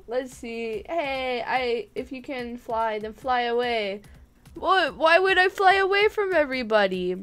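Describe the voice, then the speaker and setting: A woman livestreaming a game, chatting to friends in the game in an excitable, giggly way, often shouting their names and apologizing. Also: sits high, measured pace, soft background music. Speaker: gaming livestreamer. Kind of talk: live gameplay chatter.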